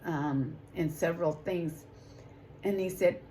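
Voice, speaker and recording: A woman who leads a ministry, giving a personal testimony in a slow, emotional way that rises to emphatic outbursts. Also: on the low side, dark tone, slight background noise, rough recording. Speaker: ministry leader.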